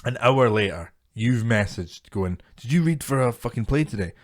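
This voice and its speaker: A man's voice: medium pitch, animated, moderate pace. Sweary joking male podcast host. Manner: sweary, jokey, rambling. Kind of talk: casual podcast banter.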